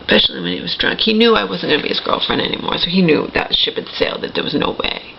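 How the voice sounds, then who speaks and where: A middle-aged woman tells her own story to the camera, rambling and emphatic, with a gravelly, fry-laden voice. The recording is dull and lo-fi, with a faint hiss of noise underneath. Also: on the low side, expressive, quick pace. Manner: rambling, emphatic, repeats "okay?" and self-corrects. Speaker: vlogger.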